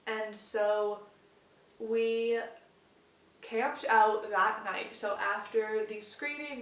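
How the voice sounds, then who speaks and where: A young woman tells a story to her camera, gushing with excitement and filling every pause with "like." Her voice sits at an ordinary pitch for a woman. It sounds roomy and a little far from the microphone. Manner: excited, gushing, full of "like" fillers. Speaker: vlogger. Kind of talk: casual storytelling vlog.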